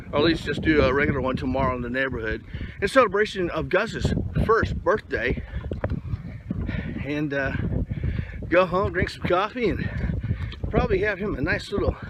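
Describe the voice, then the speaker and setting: A middle-aged man from Colorado talking casually while walking his dog in a park, rambling and folksy with plenty of fillers, recorded on a handheld phone. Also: a little high. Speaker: vlogger leading a rucking group. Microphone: handheld phone camera. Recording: outdoor phone recording with background noise.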